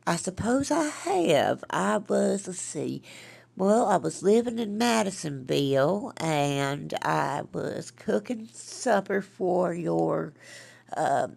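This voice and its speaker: A woman putting on a slow-drawling country grandma with an accent. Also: lowish voice, sing-song, creaky, a little mellow, full character voice. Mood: wondering. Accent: American Southern country. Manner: slow, drawling, wondering storytelling.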